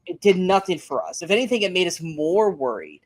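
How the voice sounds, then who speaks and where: A man's voice: high-pitched, very animated, a little fast, no room sound. A man co-hosting a casual movie review podcast, ranting emphatically and swearing freely. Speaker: podcast co-host.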